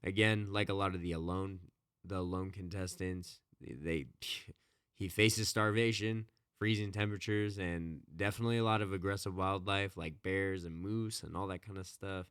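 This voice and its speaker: A man's voice: low voice, steady tone, normal speed, a bit bright, clean tone, dry recording, studio quality. A man co-hosting a podcast, casually retelling a book's story with lots of fillers and restarts. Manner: rambling, many fillers and restarts. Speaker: podcast co-host. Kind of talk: casual chat retelling a book.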